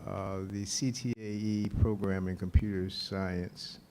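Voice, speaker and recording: Man, board chair, slow unhurried delivery, faint hiss behind. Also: sits low, steady tone, darkish tone. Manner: halting, self-correcting, easygoing. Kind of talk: chairing a public meeting.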